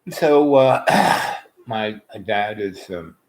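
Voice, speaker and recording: A man's voice: on the low side, sing-song, extremely slow, rough recording. A man telling a rambling personal story, loose and full of fillers and asides.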